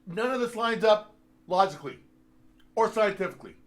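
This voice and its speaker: A man's voice: high voice, lively intonation, a little fast. A man on a heated, profane political rant, sarcastic and rambling, with many filler sounds as he talks. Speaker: host.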